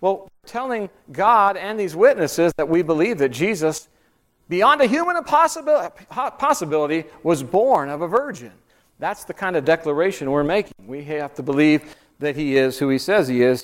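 A man leads a Bible class in a conversational teaching style, walking his listeners through an outline. His voice sits fairly high for a man. When he drives home a point, his pitch climbs and he grows emphatic. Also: lively intonation, moderate pace, a bit bright. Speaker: church teacher.

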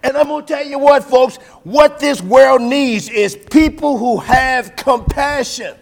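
A high-voiced man with vocal fry preaches a sermon in a rolling cadence, dropping into quiet, low asides before rising into loud, stretched-out emphasis. His delivery has sing-song rises and big swings in volume, and he keeps calling out to "folks."

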